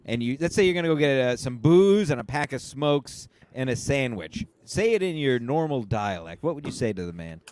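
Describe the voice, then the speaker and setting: A man's voice: medium pitch, very animated, normal speed, hardly any pauses, a little mellow, clear, resonant tone. A man hosting a podcast, needling his guest with provocative, crude questions in casual banter. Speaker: podcast host.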